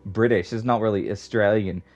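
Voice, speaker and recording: A man's voice: fairly low pitch, fairly even intonation, brisk, a little mellow. A young man rambling casually as a podcast guest, swearing often and filling his talk with "like.". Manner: rambling, swears a lot, heavy use of "like". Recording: dull lo-fi audio.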